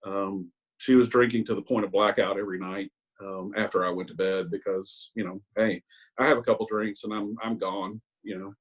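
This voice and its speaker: A man's voice: fairly low pitch, steady tone, moderate pace, husky, rough recording. A man in his sixties giving a personal recovery share on a video call, telling his story candidly with self-mocking asides and hesitant ums. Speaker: Al-Anon speaker.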